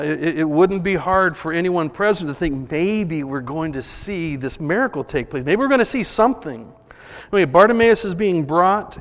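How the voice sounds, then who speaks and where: A man preaching a sermon, telling a story in an animated way and acting out the voices of people in it. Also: sits high. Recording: long reverb of a large hall.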